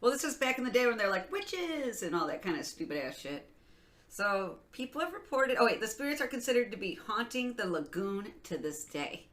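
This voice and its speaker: Giggly woman co-host, bright tense voice, loose rambling storyteller, casual podcast chat. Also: medium pitch, big pitch swings, a little fast. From Michigan.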